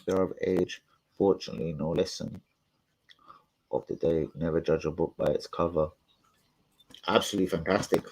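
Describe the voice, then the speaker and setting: A man's voice: low-pitched, fairly even intonation, normal speed, pauses often, darkish tone, poor audio. A man chatting live on his stream, telling rambling, profane stories full of slang.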